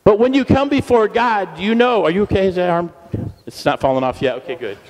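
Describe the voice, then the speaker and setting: A man speaking as a guest at a church service, energetic and playful, leading the crowd in call-and-response chants. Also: high voice, brisk. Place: church hall. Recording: long reverb of a church hall.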